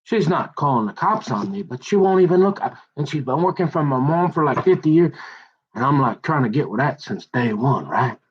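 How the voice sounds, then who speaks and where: A man's voice: fairly high pitch, expressive, a little fast, breathy edge. A man telling a long rambling story in a slangy, digressive way, acting out the voices of the people in it. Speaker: show host. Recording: dull lo-fi audio.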